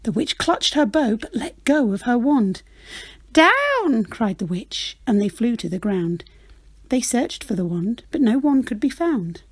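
A woman reading a rhyming children's picture book aloud, with a rhythmic, expressive delivery. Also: a little high, slightly rough, no room sound. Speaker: storyteller.

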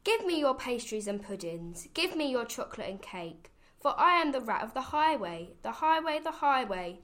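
A woman's voice: a little high, sing-song, moderate pace. A woman voicing a greedy, swaggering male rat robber who bullies travellers in a storybook. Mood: boastful. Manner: boastful, bullying, chanting his rhyme.

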